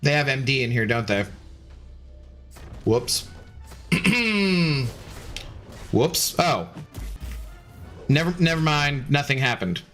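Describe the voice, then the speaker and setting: A man's voice: mid-range voice, very animated, slow, long pauses, fairly bright tone, soft background music. Rambling, chatty male game streamer. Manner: rambling and chatty, reads chat messages aloud and greets viewers. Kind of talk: casual live-stream commentary.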